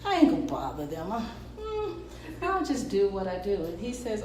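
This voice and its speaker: A woman preacher delivering a sermon with call-and-response, moving between quiet talk and shouting. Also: mid-range voice, huge pitch swings, moderate pace. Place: church hall. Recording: echoey hall, distant mic, crowd responding.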